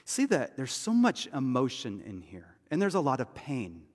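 A man preaching a sermon as pastor, talking in a conversational way and often dropping to a hushed, intense tone. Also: medium pitch, wildly swooping pitch, moderate pace. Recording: church hall reverb.

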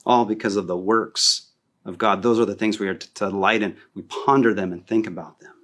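A man preaching a sermon as a pastor, animated and repeating key phrases for emphasis. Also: fairly low pitch, fairly quick.

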